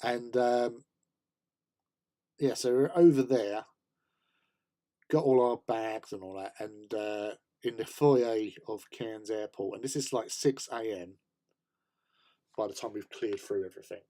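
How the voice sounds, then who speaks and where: A man's voice: fairly low pitch, fairly even intonation, a little slow, pauses often, dark tone. An English man hosting a casual hobby stream, rambling through a travel story with many fillers and laughs. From England. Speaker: host.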